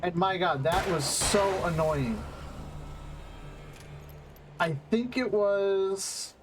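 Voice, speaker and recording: A man's voice: sits high, very slow, slight background noise. Rambling, swearing male streamer. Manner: rambling, profane, lots of fillers. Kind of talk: casual gaming commentary.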